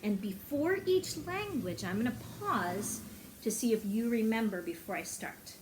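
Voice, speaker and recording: A woman music teacher talking brightly and encouragingly to young children, now and then singing a short greeting song. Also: on the high side, lively intonation, moderate pace, background noise.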